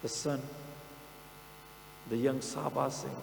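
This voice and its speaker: A man's voice: mid-range voice, steady tone, takes it slowly, gravelly. A man with a British Punjabi accent telling a story as a sermon, impassioned and dramatic, mixing in Punjabi phrases. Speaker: preacher. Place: outdoor camp hall. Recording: echoey hall with mains hum.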